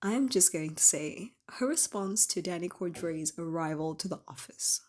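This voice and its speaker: A woman's voice: fairly low pitch, lively intonation, moderate pace. A woman hosting her own channel, reading viewer comments aloud in a chatty, playful way and laughing often. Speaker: YouTube host.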